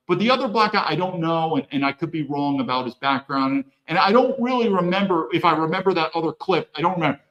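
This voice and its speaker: A man's voice: fairly high pitch, fairly quick, hardly any pauses, fairly bright tone, reverberant, rough recording. A man from the United States hosting a solo livestream, rambling in heated rants and often restarting his sentences. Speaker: livestream host.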